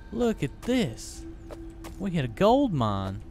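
A man's voice: fairly high pitch, huge pitch swings, extremely slow, a little mellow, soft background music. A young man giving let's play commentary, easily startled and talking to himself as he plays. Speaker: gaming YouTuber.

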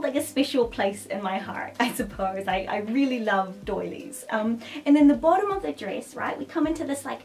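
A woman vlogger gushing excitedly over a new dress, with frequent gasps and giggles. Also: high voice. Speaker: fashion vlogger. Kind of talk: casual unboxing show-and-tell. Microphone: camera mic a short way off. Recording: slightly distant mic, faint background music.

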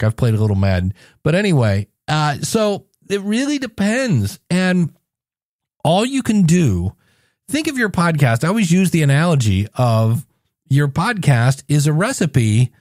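A man's voice: fairly high pitch, sing-song, unhurried, a little mellow, dry recording, studio quality. A man hosting his own podcast, chatty and jokey, acting out little scenes as he talks. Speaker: podcast host. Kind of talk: solo podcast talk.

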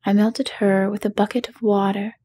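A woman's voice: medium pitch, flat delivery, normal speed, warm tone, slight background noise, natural voice. A woman voicing an earnest, questioning young girl in whispered role-play. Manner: insistent, puzzled.

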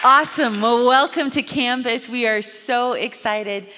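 Woman, slow deliberate welcome, bright voice, faint crowd, echoing hall. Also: a little high. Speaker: college president.

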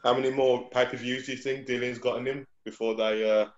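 A man's voice: mid-range voice, flat delivery, brisk, highs cut off. A man interviewing in casual chat, asking prompting questions with hesitant ums.

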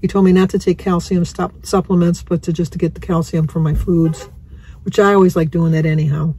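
A woman's voice: on the low side, fairly even intonation, a little fast, warm tone, a little hiss or hum, rough recording. A woman vlogging from her car while driving, chatting in a rambling way, laughing often and stumbling over long words. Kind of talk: casual chatty vlog.

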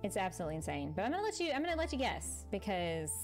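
A woman's voice: medium pitch, sing-song, rapid-fire, faint music behind. Chatty texan lady streaming a cozy game, exclaims a lot, laughs easy, middle-aged. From Texas. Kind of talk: casual gameplay chat with live chat.

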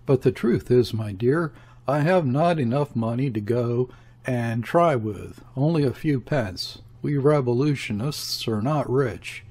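A man's voice: mid-range voice, measured pace, a little mellow, husky. A man reading aloud, voicing a cautious, surly male revolutionist who speaks in a guarded, curt way.

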